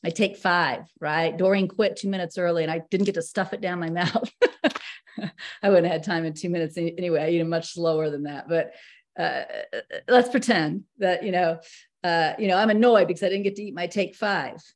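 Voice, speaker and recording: Woman, spiritual teacher, casual talk, easygoing and conversational, slows to read. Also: lowish voice. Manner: conversational, laughs easily, slows to read passages.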